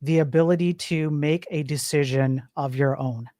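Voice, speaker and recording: A man's voice: on the high side, fairly even intonation, normal speed, warm tone, no echo, clean studio sound. A man debating online, a self-described nerd, hesitant and restarting his points.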